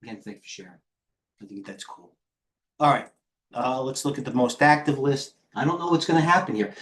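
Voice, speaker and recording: A man's voice: mid-range voice, expressive, brisk, a bit bright. A man, hosting a live trading stream in brash, rambling commentary that reads out chat and lets slip swear words. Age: 50s. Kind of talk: casual live market commentary.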